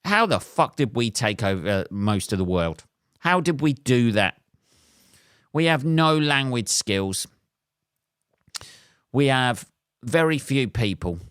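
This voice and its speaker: A man's voice: mid-range voice, expressive, slow pace, long pauses, a bit bright, clean tone, no room sound, clean studio sound. An English man hosting his own podcast, rambling through a solo monologue with wry, self-mocking asides and lots of ums. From England. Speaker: podcast host.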